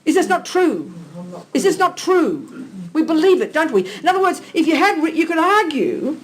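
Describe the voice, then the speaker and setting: A woman giving a live question-and-answer Buddhist teaching to an audience in a hall. She talks in an animated, blunt, teasing way and fires off rhetorical questions. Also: extremely high pitch, moderate pace.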